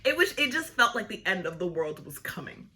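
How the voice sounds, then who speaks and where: A young woman vlogger telling a casual storytime, animated and full of "like" fillers. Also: medium pitch, a little fast. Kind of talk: storytime vlog, casual chat.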